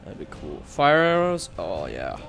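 A goofy young man giving excitable, jokey commentary while he plays a video game. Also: low-pitched, measured pace, creaky, soft background music. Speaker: gamer, video host. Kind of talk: casual let's-play commentary.

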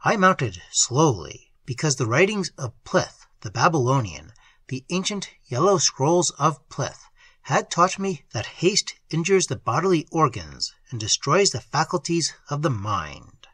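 A man giving a dramatic, hushed reading of an old weird tale, dropping into whispers at times, recorded close on a dry mic. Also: fairly high pitch, big pitch swings, measured pace, breathy edge, no echo. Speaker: narrator. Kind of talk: scripted literary reading.

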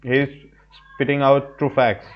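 A man's voice: medium pitch, little pitch movement, unhurried, slight background noise. A man hosting a reaction video, talking in a casual, chatty and opinionated way. His voice sits in an average male range. The recording sounds somewhat dull and lo-fi.

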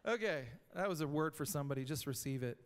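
A man preaching a sermon as pastor, talking casually and rising to shouted emphasis, recorded live in a church. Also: on the high side, lively intonation, fast talker, clear, resonant tone. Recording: live church hall reverb.

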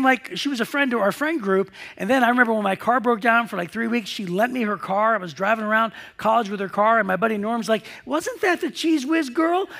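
A man's voice: very high voice, gravelly, a bit bright. A middle-aged man preaching a sermon, chatty and storytelling, acting out the voices of people in his story. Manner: chatty storyteller, acts out quoted voices, many restarts. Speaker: pastor.

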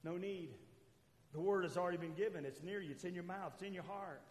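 A man preaching a sermon as pastor, swinging between loud calls to the church and quiet asides. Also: high voice, brisk. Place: church sanctuary. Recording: echoey church hall.

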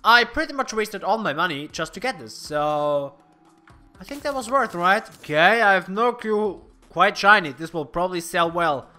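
An excitable young man talks through his gameplay with a high, very bright, sharp voice. He swears casually and thinks out loud. Faint game music plays underneath. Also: normal speed. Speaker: let's play host. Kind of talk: gameplay commentary.

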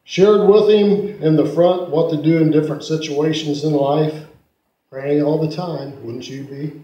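A man preaching a sermon and telling stories, dramatically swinging from loud peaks to hushed asides. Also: a little high, steady tone, a little slow. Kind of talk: sermon storytelling. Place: church sanctuary. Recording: echoey church room.

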